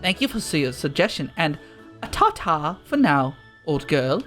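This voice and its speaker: A man doing a spoiled whiny young lord with a nasal drawl, haughty and put-upon, his pitch swooping all over as he grumbles through game lines. Faint game music hums behind him. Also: sing-song, fairly bright tone. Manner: haughty, drawn-out complaining. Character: pompous whiny young nobleman, spoiled and idle. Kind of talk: reading game dialogue aloud.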